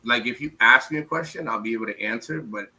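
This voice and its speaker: A man from the United States answers interview questions in a loose, rambling way. His voice is very bright and forward, and he trips over repeated words. Now and then he mimics others in quick bits. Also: medium pitch, low-quality recording. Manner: rambling, repeats words, acts out quoted women. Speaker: interview guest. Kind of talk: casual interview.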